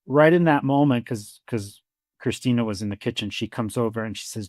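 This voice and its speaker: A man's voice: medium pitch, brisk, no room sound, studio quality. Reflective male therapist telling stories. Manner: reflective storyteller who acts out quoted dialogue, with frequent "you know" and "like". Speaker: therapist and podcast co-host. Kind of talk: conversational podcast discussion.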